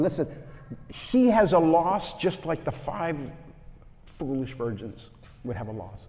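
A male preacher delivers a sermon through a story, acting out the voices of the people in it. His voice sits a little high, and he swings between loud emphasis and hushed, intimate moments. Long reverb trails behind him in the hall. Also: unhurried. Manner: animated, acts out quotes, swings from loud to hushed.

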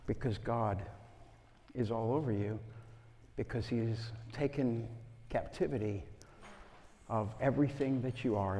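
Animated preacher man in a reverberant hall. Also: mid-range voice, slight background noise. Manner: animated, acts out quotes, swings from loud to hushed. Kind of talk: sermon with storytelling.

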